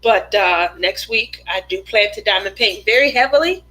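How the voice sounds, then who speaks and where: A woman's voice: mid-range voice, animated, moderate pace, sharp tone, rough recording. A woman hosting a casual craft livestream from her home, chatting and reading viewer comments aloud and laughing often. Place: home in the desert.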